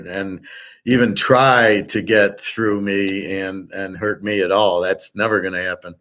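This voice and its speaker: A man's voice: low-pitched, fairly even intonation, measured pace, a bit bright. A middle-aged man talking in a blunt, profane, rambling way, full of fillers, as host of a casual monologue.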